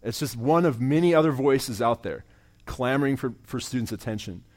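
A young man, a campus minister, preaching in an earnest testimony style, often repeating words as he restarts and letting sentence ends drop quiet. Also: medium pitch, normal speed.

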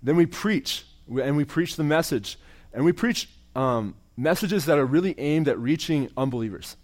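A young man, a campus minister, preaching in an earnest testimony style, often repeating words as he restarts and letting sentence ends drop quiet. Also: a little high, animated, moderate pace.

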